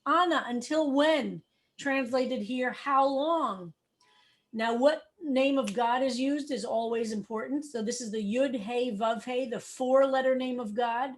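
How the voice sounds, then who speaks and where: A fairly high-voiced middle-aged woman leads a Psalm study as a rabbi. She explains slowly and carefully, repeating the points that matter. Her voice carries a video-call sound. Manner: thoughtful, explains step by step, repeats key points. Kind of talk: teaching a text study class.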